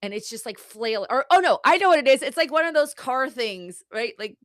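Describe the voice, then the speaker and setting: A woman's voice: high voice, animated, brisk, a bit bright, dry recording, studio quality. A woman hosting a live-streamed podcast as a therapist, chatty and rambling, laughing often and swearing casually. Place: home setup on a live stream. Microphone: computer mic on a video stream.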